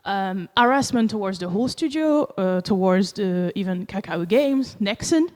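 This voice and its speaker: A woman from France with a French accent, giving a conference talk, animated and acting out quoted reactions with many fillers. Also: mid-range voice, moderate pace, long reverb tail. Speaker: conference speaker. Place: conference hall.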